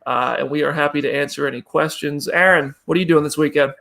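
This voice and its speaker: A man's voice: a little high, fairly even intonation, fast, vocal fry, bright, forceful tone. A man hosting a casual live chat show, chatting loosely and passing questions to his co-hosts. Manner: chatty, reads viewer comments, throws questions to co-hosts. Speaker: podcast host.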